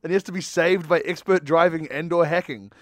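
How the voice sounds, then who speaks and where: A man's voice: a little high, a little fast, dry recording, clean studio sound. A man co-hosting a casual movie podcast, joking and laughing often. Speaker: podcast co-host.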